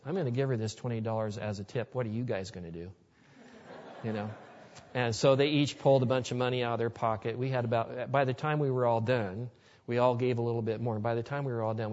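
A man's voice: mid-range voice, a little mellow. A man speaker telling personal stories in an earnest, folksy way during a sermon to a live audience. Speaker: Christian speaker. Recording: dull lo-fi recording in a reverberant hall.

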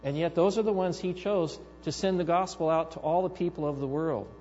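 A man's voice: on the high side, brisk, lo-fi sound, soft background music. Man preaching in an echoing hall. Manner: animated storytelling, acting out quoted voices. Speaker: pastor. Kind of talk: sermon.

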